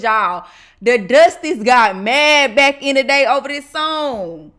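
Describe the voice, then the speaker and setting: A woman with a Texas drawl hosts a reaction video, her voice sitting a little high. She talks straight to her viewers, sassy and emphatic. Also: lively intonation, takes it slowly, a bit bright. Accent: Southern US, Texas. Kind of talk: casual reaction commentary.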